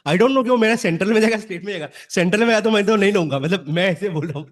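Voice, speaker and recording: A man with an Indian English accent, an audience member raising a problem in halting, explanatory talk, mixing Hindi and English. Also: high-pitched. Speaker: audience member asking questions.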